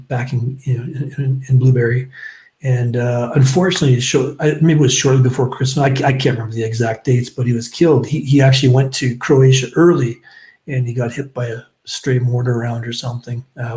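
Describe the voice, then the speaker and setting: A middle-aged man talks as a podcast guest, his pitch sitting in an ordinary middle range. He tells long stories loosely, filling gaps with ums and uhs and dropping casual swear words. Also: warm tone, rough recording. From Canada, British Columbia. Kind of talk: casual storytelling interview.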